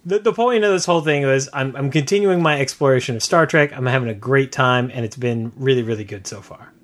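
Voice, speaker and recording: A man's voice: mid-range voice, brisk. A man co-hosting a casual podcast chat who talks with eager enthusiasm. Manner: enthusiastic, excitable. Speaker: podcast co-host.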